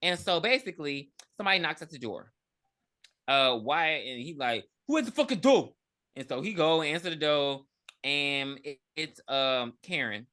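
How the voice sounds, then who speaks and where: In a mid-range voice at normal speed, a podcast co-host casually recaps a film, telling the story with lots of profanity. He's animated throughout, performing the characters' parts as he goes.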